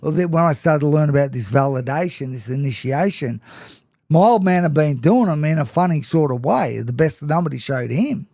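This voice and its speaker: A man's voice: on the high side, expressive, fairly quick, vocal fry, darkish tone, no room sound, studio quality. A middle-aged man, a guest in an interview, telling candid stories with frequent restarts and short laughs. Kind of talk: candid storytelling in conversation.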